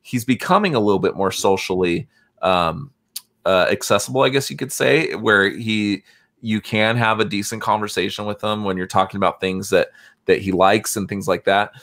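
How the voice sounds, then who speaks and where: A man's voice: lowish voice, moderate pace, a bit bright. A man chatting casually on a podcast about a film, hesitant and filler-heavy. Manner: hesitant, lots of fillers and restarts. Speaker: podcast co-host.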